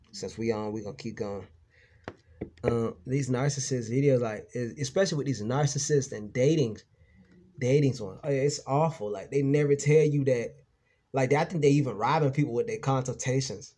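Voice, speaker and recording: A man's voice: mid-range voice, dark tone. A man venting in a rambling, profane monologue to his viewers, repeating himself and growing heated and emphatic. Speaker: vlogger.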